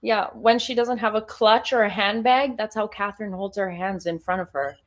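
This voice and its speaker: A woman's voice: mid-range voice, moderate pace. A woman guest on a live video call, a parent talking candidly and bluntly while she multitasks at home. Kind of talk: casual live-stream chat.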